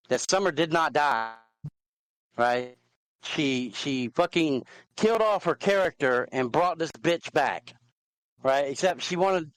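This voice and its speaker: A man's voice: fairly high pitch, no room sound. A man hosting a live talk show, ranting angrily with constant swearing. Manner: angry, profane ranting. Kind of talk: heated live chat.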